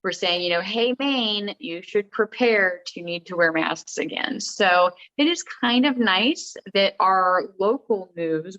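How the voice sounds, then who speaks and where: A woman's voice: on the low side, a bit bright. Chatty woman on a dull lo-fi line. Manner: chatty, self-mocking, quick asides. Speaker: podcast co-host. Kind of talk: casual chat. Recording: slightly dull lo-fi sound.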